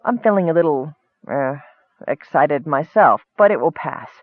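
A man voicing a calm, reserved elf wizard. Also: on the high side, moderate pace, dry recording. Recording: tinny phone-like sound.

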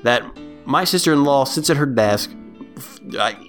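A man co-hosting a casual podcast, sarcastic and animated, laughing often as he talks. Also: mid-range voice, normal speed, soft background music. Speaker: podcast co-host.

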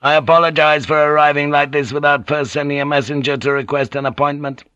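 A man's voice: on the high side, little pitch movement, quick pace, pushed and bright, no room sound, muffled recording, voice pushed up. A man reading an audiobook, voicing a ferocious, bitter middle-aged samurai lord with a menacing, clipped manner. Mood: formal.

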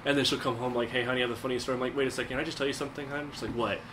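A man's voice: medium pitch, fairly even intonation, rapid-fire, a bit bright, slight background noise, rough recording. A man hosting a podcast, chatting casually with crude jokes and frequent laughter. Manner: crude, joking, laughs often. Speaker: podcast host. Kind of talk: casual chat.

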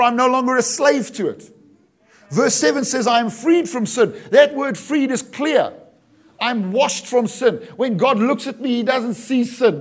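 Pastor, middle-aged man, high voice, animated preaching with jokes and calls to the congregation. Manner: animated, jokey preaching with acted-out asides and calls of "Amen?". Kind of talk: sermon.

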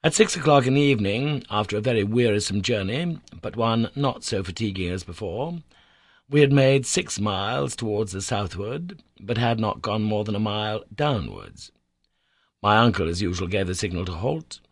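A man reading a classic adventure novel aloud as an audiobook narrator, measured and storytelling, lifting his voice for emphasis. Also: expressive, dry recording, clean studio sound. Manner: measured storytelling, lifts pitch and volume for emphasis.

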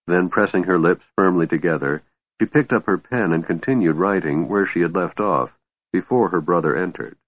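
A man narrating a fantasy audiobook in measured storytelling. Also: low-pitched, no room sound. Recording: tinny phone-like band, dry.

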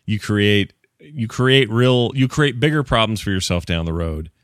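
A man's voice: on the low side, a little slow, no echo, clean studio sound. A man co-hosting a podcast, answering a listener call in casual chat, laughing often and sounding fondly exasperated. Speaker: podcast co-host.

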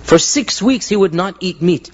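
A man with a fairly high voice gives an earnest religious lecture, telling stories to a live audience. He often restarts his sentences and drops Arabic phrases in as he goes. The recording sounds dull and lo-fi. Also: animated, normal speed.

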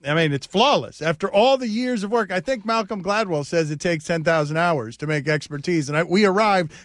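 A man's voice: high voice, a little fast, fairly bright tone, no echo, clean studio sound. A man hosting a sports talk radio show, telling stories animatedly and laughing at his own bits. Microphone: studio mic.

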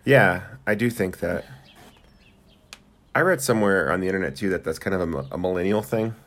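Low-voiced man in rambling podcast chat. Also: animated, a little fast, a bit bright. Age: young adult. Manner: rambling, hesitant with many fillers. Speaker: podcast co-host. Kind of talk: casual chat. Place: home room with squeaky chairs.

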